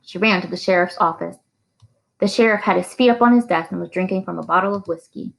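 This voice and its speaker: A woman reading a novel aloud in a steady storytelling manner. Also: fairly low pitch, quick pace, gravelly, low-quality recording. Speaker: reader.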